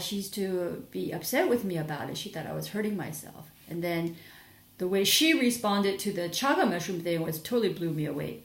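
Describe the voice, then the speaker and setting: A woman's voice: lowish voice, lively intonation, normal speed. Sleepy, chatty woman in an echoey kitchen. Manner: chatty, rambling, with many fillers and restarts. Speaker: vlogger. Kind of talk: casual product review vlog.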